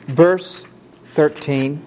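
A man preaching a fiery sermon to a congregation, swinging from loud outbursts to low, quiet asides. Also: fairly even intonation, drawn-out words, a little hiss or hum. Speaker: pastor.

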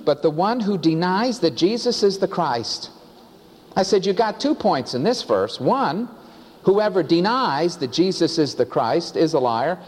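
A man's voice: high-pitched, darkish tone. A man preaching a sermon, telling a story with acted-out dialogue and pressing rhetorical questions. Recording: long hall reverb.

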